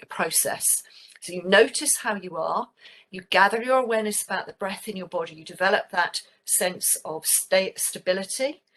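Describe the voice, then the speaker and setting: A woman teaching mindfulness in a webinar, talking calmly and gently and dropping into quiet, soft asides. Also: fairly low pitch. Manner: calm, gentle and unhurried, softening into quiet asides.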